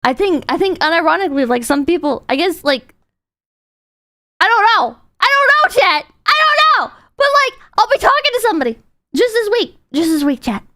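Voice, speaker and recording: High, animated woman streamer. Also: moderate pace. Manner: animated, rambling, swears a lot. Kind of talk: casual reaction stream chat.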